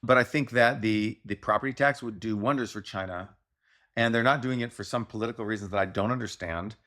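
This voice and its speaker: Low-voiced man riffing casually. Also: fairly bright tone. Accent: slight Texan. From Texas. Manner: joking, riffing, quick asides. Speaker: podcast host. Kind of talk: casual chat.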